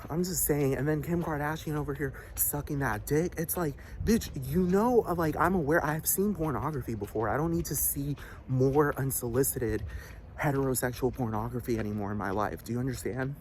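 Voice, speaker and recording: A man's voice: mid-range voice, brisk, darkish tone, a little hiss or hum. A man delivering a heated, profane rant, repeating himself and asking again and again if the listener understands. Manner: agitated, repetitive, profane, keeps asking "do you understand". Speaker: vlogger.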